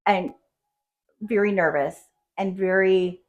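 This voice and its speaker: A woman's voice: mid-range voice, steady tone, slow pace, lo-fi sound. Emotional middle-aged woman sharing her story. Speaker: patient guest. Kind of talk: casual podcast interview.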